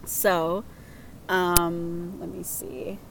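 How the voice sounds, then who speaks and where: A woman's voice: lowish voice, little pitch movement, very slow, vocal fry, background noise. A young woman casually reading out listener stories, chatty and prone to giggling. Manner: giggly, chatty, lots of fillers. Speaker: host reading listener submissions. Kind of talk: casual chat.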